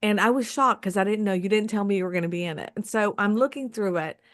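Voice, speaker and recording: A woman's voice: mid-range voice, fast talker, dry recording, clean studio sound. A woman moderating a panel, effusive and emotional as she introduces speakers.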